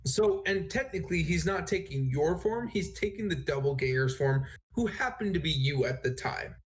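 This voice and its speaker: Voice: mid-range voice, lively intonation, moderate pace. A game master narrating a tabletop game, rambling and correcting themselves.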